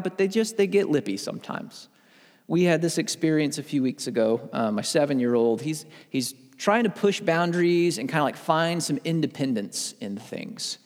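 A man in his thirties giving a conversational Bible teaching, telling personal stories in an animated way that builds up steam. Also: medium pitch, big-room sound. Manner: animated storyteller who gets worked up. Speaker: podcast host teaching on faith.

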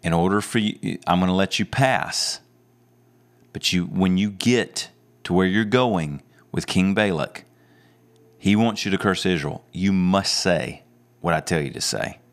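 A man's voice: low voice, measured pace. A man voicing God giving a stern, commanding warning.

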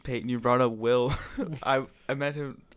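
A man with a smooth, clear voice tells a relaxed story on a podcast. He talks at a mid pitch in casual chat. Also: moderate pace, no room sound. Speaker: podcast co-host.

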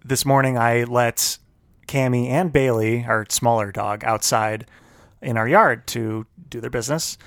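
Man, podcast co-host, casual storytelling, animated, acts out quotes, dry close sound. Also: medium pitch, a little slow, no room sound. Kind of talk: casual chat, telling a story.

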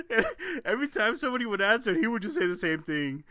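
A man's voice: sits high, sing-song, a little fast, very noisy. A man co-hosting a podcast, telling a profane story in casual chat and breaking into laughter often. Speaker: podcast co-host.

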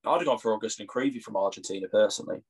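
A man's voice: fairly low pitch, very fast, breathy edge. Jokey young Englishman, podcast chat. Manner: jokey, laughs often. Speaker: podcast co-host. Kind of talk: casual chat.

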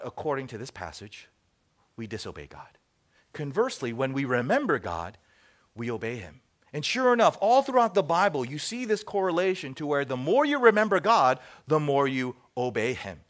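A middle-aged man preaching a sermon as pastor, telling stories and acting out bits of dialogue, then dropping to quiet asides. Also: on the high side, normal speed. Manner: animated storytelling, acts out dialogue, drops to soft asides.

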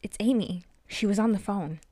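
A woman's voice: mid-range voice, moderate pace, dark tone, natural voice. A woman voicing a frightened older mother who stammers and shakes as she speaks. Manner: stammering, shaky, rising in panic.

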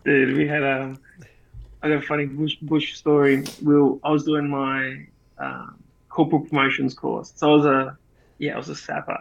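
A man's voice: on the high side, fairly even intonation, moderate pace, gravelly, dull audio. An Australian man on a podcast telling a story in a laid-back, rambling, profane way. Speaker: podcast co-host. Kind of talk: casual chat.

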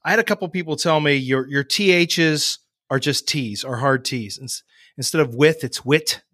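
A man's voice: a little high, normal speed, bright, forceful tone, no room sound, clean studio sound. A man co-hosting a podcast in casual chat, telling stories and often trailing off mid-sentence. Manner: chatty storyteller, trails off and restarts. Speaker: podcast co-host.

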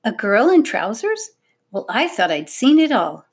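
Woman reading as a genteel governess, gentle, prim, refined, a little high. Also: very animated, a little slow, breathy edge, exaggerated voice. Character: genteel old-fashioned governess lady.

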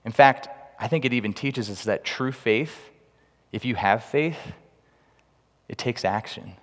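A man preaching a sermon with humorous, animated storytelling, recorded in a large hall with long reverb. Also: medium pitch, a little slow. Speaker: pastor.

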